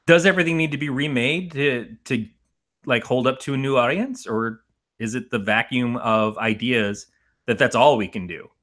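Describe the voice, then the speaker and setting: Animated, profane middle-aged podcast host. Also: male voice, medium pitch, moderate pace. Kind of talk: casual movie podcast chat.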